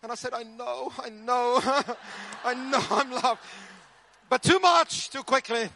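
High, bright preacher. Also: male voice, slow pace, gravelly, a little hiss or hum. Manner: animated, humorous storytelling. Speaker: pastor. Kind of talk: sermon.

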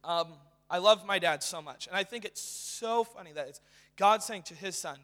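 Young man preaching with high bright voice. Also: normal speed. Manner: casual, excited, with many fillers. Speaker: guest preacher. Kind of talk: sermon. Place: church. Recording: reverberant hall.

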